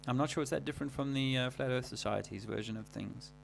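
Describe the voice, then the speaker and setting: Gravelly man rambling on a livestream. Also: mid-range voice, slight background noise. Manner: rambling, halting, many fillers and restarts. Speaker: livestream host. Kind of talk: casual livestream monologue.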